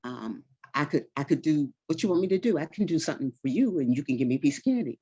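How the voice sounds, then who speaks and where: A woman's voice: low voice, expressive, fast talker, warm tone, breathy edge, dull audio. A woman voicing her younger self as a child who begs for candy and complains indignantly that things are unfair. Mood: pleading. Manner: pleading, indignant.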